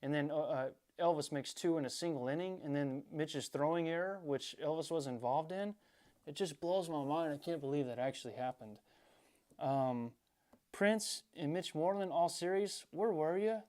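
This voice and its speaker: A man's voice: fairly high pitch, normal speed, a little mellow. A man ranting as a frustrated fan in a sports vlog.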